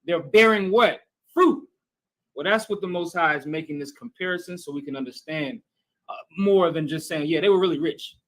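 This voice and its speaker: Guy with a high voice running a bible class, chatty, keeps asking right?. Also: moderate pace, a bit bright, poor audio. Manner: conversational, keeps checking with "right?" and calling on readers. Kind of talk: scripture teaching.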